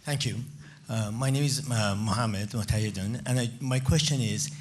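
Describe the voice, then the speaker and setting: A man from the audience asking a question slowly and hesitantly. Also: mid-range voice, slight background noise. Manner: slow, hesitant. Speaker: audience member.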